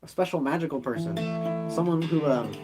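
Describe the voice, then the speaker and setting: Casting: man voicing a pint-sized oldest-of-all forest wizard, high and chirpy, cheery riddler, guitar underneath. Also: fairly quick, lightly acted. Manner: bright, chirpy, sing-song questions. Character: tiny ancient male forest wizard, cheerful and cryptic.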